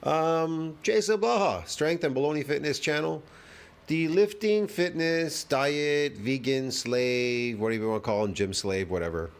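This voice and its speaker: A man's voice: normal speed, few pauses, smooth. Sarcastic rambling male reaction host. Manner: sarcastic, rambling, trails off into low mutters. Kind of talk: casual reaction commentary.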